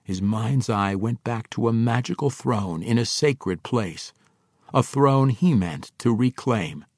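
A man narrating a fantasy audiobook in an expressive storytelling manner on a close microphone. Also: mid-range voice, slow pace, no echo. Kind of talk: scripted narration.

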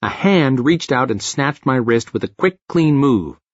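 A man narrating a story in the first person, frantic and profane, with dark comic flair, in a dry, slightly muffled recording. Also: medium pitch, expressive, unhurried, no echo.

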